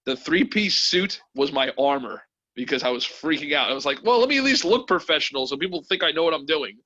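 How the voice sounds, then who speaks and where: Brief: bright-voiced man, candid and animated storyteller, lo-fi video call. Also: mid-range voice. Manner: animated, emotional, quotes others with voices. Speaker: company president, guest.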